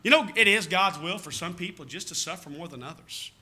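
A man's voice: high voice, lively intonation, a little fast, pushed and bright. A man with a Southern American accent preaching a sermon in a folksy, rambling way, often calling out "amen?" to his church. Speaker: pastor.

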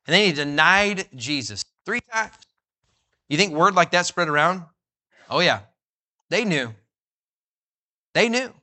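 A man preaching a sermon in a fervent way, reading scripture slowly and rising toward near-shouts. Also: fairly high pitch. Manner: reads scripture in old-fashioned wording, slowing for emphasis.

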